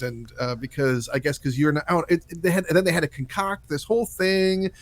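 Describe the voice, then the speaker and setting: A man co-hosting a movie podcast, talking through the film in a measured, analytical way. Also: fairly high pitch, slight background noise. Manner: measured, analytical, history asides. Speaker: podcast co-host. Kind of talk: casual movie review chat.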